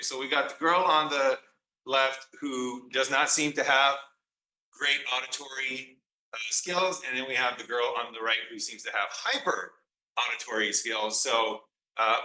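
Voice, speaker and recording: A man lectures on psychology with a very bright, sharp voice, walking through examples and voicing the replies himself. He sits back from the mic, and the room rings around him. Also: medium pitch, echoey room, recorded from a distance, poor audio. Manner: explanatory, acts out examples with quoted replies. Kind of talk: recorded lecture.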